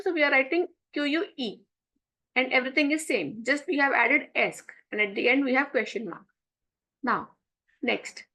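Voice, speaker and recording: High-voiced woman teaching French. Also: sharp tone, low-quality recording. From India. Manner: slow, repeats French phrases then translates. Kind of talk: classroom explanation.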